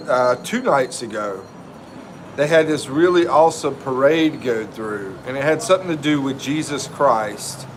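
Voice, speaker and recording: A man's voice: medium pitch, background noise. A middle-aged man from North Carolina, hosting a casual live stream and greeting viewers by name in a laid-back, chatty way.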